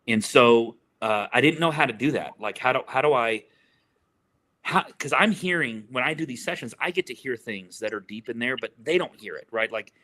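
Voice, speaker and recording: A man's voice: medium pitch, pushed and bright. A middle-aged man, a family therapist, telling an earnest story in an interview and often repeating words while he searches for them.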